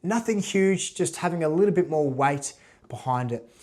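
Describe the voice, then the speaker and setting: A man's voice: on the high side, moderate pace. Male guitar teacher with a slightly raised voice, easygoing and chatty, keeps tagging his points with "right?". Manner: relaxed, repeats "right?" often. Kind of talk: casual video lesson.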